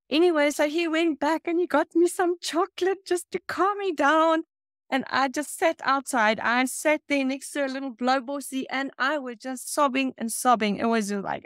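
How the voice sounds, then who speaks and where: Woman guest, high voice, dry close sound, emotive storyteller from South Africa, casting for a faith podcast. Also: normal speed, no room sound. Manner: emotional storyteller, laughs often.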